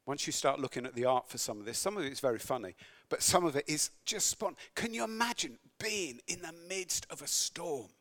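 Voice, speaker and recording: A man's voice: fairly high pitch, animated, brisk, few pauses, a bit bright. A man preaching a sermon, reading scripture aloud and breaking into conversational, wry asides and self-corrections.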